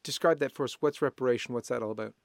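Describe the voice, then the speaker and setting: Emphatic male host, gravelly voice. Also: medium pitch, very fast, dry recording, studio quality. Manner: emphatic, urging. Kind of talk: talk show hosting.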